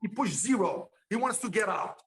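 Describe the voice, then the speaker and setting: A man guest telling a story in casual, animated style, acting out other people's lines, laughing often, with halting, broken phrasing. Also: sits high. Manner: halting, ungrammatical non-native phrasing.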